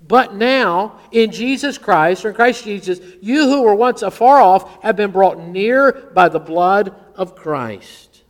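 A man's voice: high voice, big-room sound. A male pastor preaching a sermon. He is emphatic and drops to near-whispers on key words.

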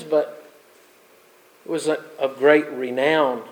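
A pastor with a high voice delivers a sermon. He builds to loud, emphatic peaks, then drops to soft, quiet asides. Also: measured pace, poor audio.

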